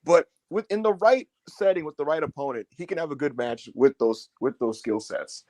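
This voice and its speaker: Speaking at a normal speed in a slightly high voice, a man co-hosts a casual wrestling review podcast. His banter is lively, profane, and full of laughter and jokes.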